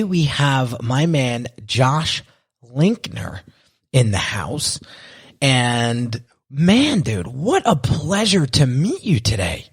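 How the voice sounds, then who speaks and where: A man hosting a podcast interview, greeting and questioning his guest with loud enthusiasm. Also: mid-range voice, husky. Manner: hyped, enthusiastic. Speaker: podcast host.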